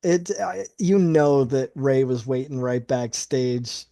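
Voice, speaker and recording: A man's voice: mid-range voice, slow, mellow, no room sound. A man co-hosting a casual wrestling review chat, loose and joking. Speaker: podcast co-host.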